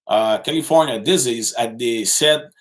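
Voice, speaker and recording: A man who is not a native English speaker, answering his livestream chat in a casual, halting way with many restarts and fillers. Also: mid-range voice.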